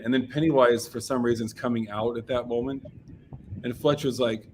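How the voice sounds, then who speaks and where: Animated man telling a story casually. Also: mid-range voice, a little fast, a little hiss or hum. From United States. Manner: animated, acts out quoted voices, filler-heavy. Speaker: band member, guest.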